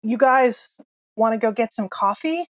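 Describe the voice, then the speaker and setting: A woman's voice: fairly high pitch, a little slow, natural voice. A woman voicing a jittery young man hooked on coffee who asks blunt, repetitive questions in a tabletop game. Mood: insistent.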